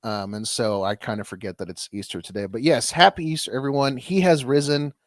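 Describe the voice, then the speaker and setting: An American man co-hosts a casual podcast, bantering loosely and laughing at his own remarks. His voice sits at a middling pitch. The sound is close and dry, with no room around it. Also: steady tone, a little fast, dry recording. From United States. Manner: laughing, self-deprecating banter with many restarts. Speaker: podcast co-host. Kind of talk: casual chat.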